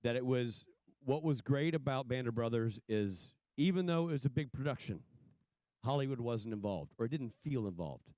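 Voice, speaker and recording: A man's voice: mid-range voice, expressive, normal speed, warm tone, no room sound. A man on a panel talking in an earnest, reflective way. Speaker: actor on a panel. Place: stage at a symposium.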